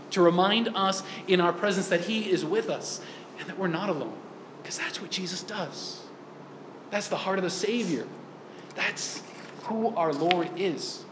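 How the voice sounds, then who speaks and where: A man's voice: high-pitched, roomy sound, background noise. A man giving a sermon in a church, earnest and full of rhetorical questions. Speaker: priest.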